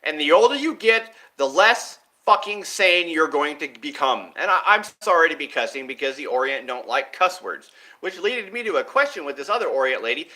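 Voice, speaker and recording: High, bright man ranting erratically. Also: sing-song, moderate pace, hardly any pauses. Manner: erratic, profane and rambling, with big swings in pitch and loudness. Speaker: vlogger. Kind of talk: rambling monologue to camera.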